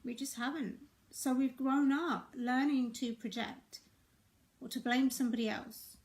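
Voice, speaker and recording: Speaking a little slowly in a high, steady voice, a middle-aged woman works as a relationship and life coach. She talks viewers through their feelings gently and reassuringly, checking in with them again and again.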